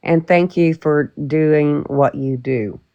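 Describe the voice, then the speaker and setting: Deep gravelly woman, dull sound. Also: slow, warm tone. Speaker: live-stream host. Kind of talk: live-stream chat.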